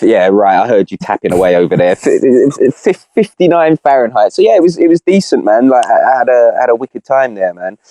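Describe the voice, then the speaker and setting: A man's voice: on the low side, very animated, fast, few pauses, warm tone, no room sound. A young man on a podcast, chatting casually in rambling slang with lots of restarts. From Britain. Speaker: podcast co-host. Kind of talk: casual chat.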